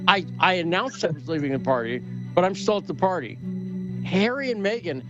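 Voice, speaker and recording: Brief: high-pitched male host, sarcastic and combative, muffled recording with music. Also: expressive, fairly quick. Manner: sarcastic, combative, rhetorical questions. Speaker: podcast host. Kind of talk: opinionated commentary chat.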